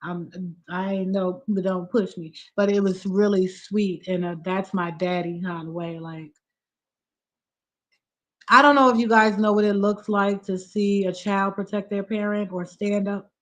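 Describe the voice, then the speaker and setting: A soft-spoken woman hosting a live stream, chatting casually and close to tears. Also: mid-range voice, steady tone, measured pace. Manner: emotional, on the verge of tears.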